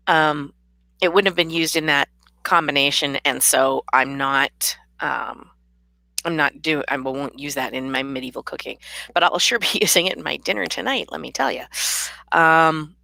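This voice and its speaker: A woman's voice: low voice, normal speed, gravelly, pushed and bright, dry recording. A tired woman chatting casually to her camera in a rambling, laughing way. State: tired, yawning. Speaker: vlogger and author. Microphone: camera mic.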